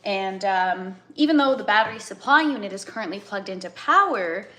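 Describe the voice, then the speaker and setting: A woman's voice: mid-range voice, animated, normal speed, bright, forceful tone. A woman from Canada hosting a live cooking stream, rambling in casual chat and greeting viewers by name.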